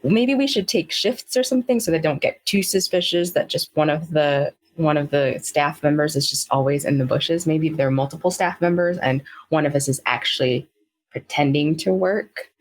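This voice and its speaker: A woman playing a tabletop role-playing game, describing her character's actions in a halting way with lots of fillers. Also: low-pitched. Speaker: player. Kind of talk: tabletop role-play narration.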